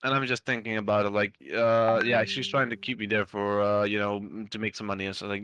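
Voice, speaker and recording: A man's voice: on the low side, level tone, fairly quick, few pauses, a bit bright, clear, resonant tone, dry recording. A young man telling a long story on a podcast in a loose, rambling way, with lots of fillers and casual swearing. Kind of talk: casual storytelling among friends.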